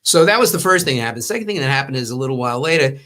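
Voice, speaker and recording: He races along in an expressive, medium-pitched voice. An older man from Long Island, New York, and a former magazine owner, he tells long anecdotes in casual conversation. He acts out the quotes, and his storytelling is warm and rambling.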